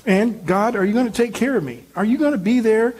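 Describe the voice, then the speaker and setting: A man's voice: high voice, expressive, fairly quick, a little mellow, husky, pitched above the performer's own voice. A man voicing a frightened young man anxiously begging for reassurance. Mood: pleading. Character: pleading frightened young man questioning his calling.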